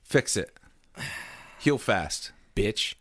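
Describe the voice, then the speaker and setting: A man's voice: lowish voice, very animated, extremely slow, a bit bright, breathy edge, dry recording. Male podcast co-host, teasing and crude, dry close-mic sound, anecdote teller. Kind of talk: casual podcast banter.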